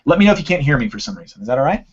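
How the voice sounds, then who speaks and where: A man's voice: mid-range voice, big pitch swings, rapid-fire, slightly rough, muffled recording. A man coaching a live online class, teaching a listening technique in a conversational way and often checking in with "right?". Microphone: computer mic on a video call.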